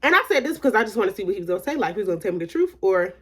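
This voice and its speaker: Woman vlogger, casual storytime, emphatic, leans on "like", mid-pitched voice. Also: very animated, rapid-fire, fairly bright tone, slightly rough. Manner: emphatic, repeats "like" often; candid, retells dialogue with shifting emphasis.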